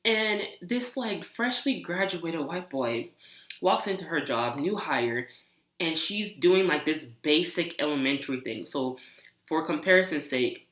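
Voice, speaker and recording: A young woman studying engineering, telling animated, exasperated stories in a casual vlog. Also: low-pitched, echoey room. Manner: animated, exasperated, talks with hands. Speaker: engineering student vlogger.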